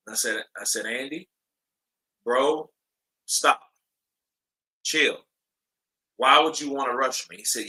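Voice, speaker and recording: Bright-voiced chatty boxing commentator man. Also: mid-range voice, a little slow, pauses often, rough recording. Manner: loose, chatty, excitable, swears casually. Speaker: boxing commentator hosting a watch-along. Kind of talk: casual live fight commentary and storytelling.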